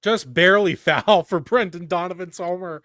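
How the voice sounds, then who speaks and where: Excitable fan calling baseball play-by-play. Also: male voice, sits high, normal speed, dry recording, clean studio sound. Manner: excitable, shouts on big plays. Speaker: fan commentator. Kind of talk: live fan play-by-play watch party.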